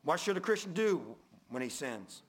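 A man preaching a sermon in a folksy way, swinging from loud, high emphasis to low, quiet confession. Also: big pitch swings, normal speed.

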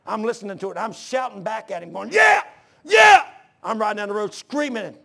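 Gravelly older preacher. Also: male voice, sits high, fast talker, a faint crowd. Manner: swings from shouting to hushed storytelling. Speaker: pastor. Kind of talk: sermon.

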